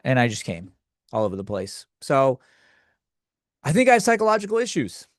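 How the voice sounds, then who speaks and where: A man hosting a comedy podcast, ranting through a story, jumping up into squealing highs when he quotes himself. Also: normal speed, no room sound, clean studio sound. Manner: loud animated storytelling, squealing high for quoted outbursts. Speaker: podcast host. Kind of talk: comedic rant.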